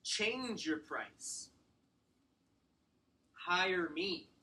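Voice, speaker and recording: Guy teaching sales to a small room, bright higher voice, acts out what to say to clients and leans hard on commands. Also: big pitch swings, low-quality recording. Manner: firm, role-plays client scripts and slowly stresses commands. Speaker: real estate sales trainer. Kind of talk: sales training talk.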